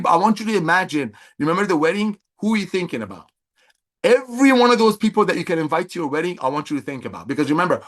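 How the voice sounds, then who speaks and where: A man coaching a sales team, talking fast in a fairly high voice. His delivery is energetic and repetitive, pressing each point again and again with an evangelical, preachy zeal. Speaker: network marketing leader.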